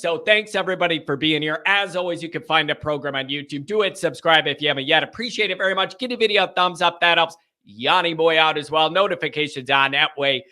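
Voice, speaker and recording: Stuffed-up man hosting a call-in show. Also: bright, forceful tone. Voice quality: congested, struggling for high notes. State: stuffed up with a cold. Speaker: host of a sports call-in show. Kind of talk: casual live-stream chat.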